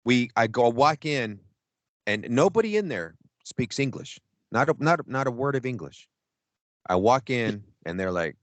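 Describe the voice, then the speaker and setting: Animated, profane man telling a story. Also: medium pitch, normal speed, dry recording. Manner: animated, profane, acts out quotes. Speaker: podcast co-host. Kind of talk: casual storytelling chat.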